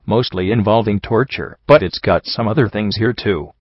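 A man's voice: lowish voice, no room sound, close to an everyday voice. Man doing an eager, jumpy young colt. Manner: excited, rapid questions. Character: excitable young colt sidekick, eager and nervous. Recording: dull lo-fi recording.

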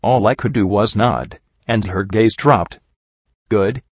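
A man narrating a story in the first person, reading in a measured, somber way. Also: on the low side, breathy edge, no echo. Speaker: audiobook reader. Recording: dull lo-fi sound.

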